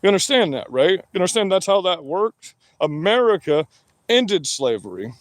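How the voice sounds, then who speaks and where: A man with a notably high voice delivers a long, combative monologue straight to his audience. He swears heavily and argues in short, hammering bursts. The sound is close and dry, with no room around it. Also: expressive, fairly quick, no room sound. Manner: profane, combative, heavy swearing. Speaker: vlogger. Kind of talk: angry monologue rant.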